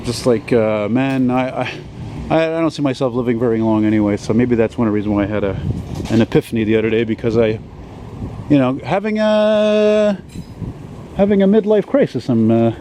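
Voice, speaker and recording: A man's voice: lowish voice, fairly even intonation, quick pace, background noise. Rambling, sweary man in his forties. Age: 40s. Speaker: vlogger. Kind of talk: rambling walk-and-talk vlog. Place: outdoors on a city street. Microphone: handheld camera while walking.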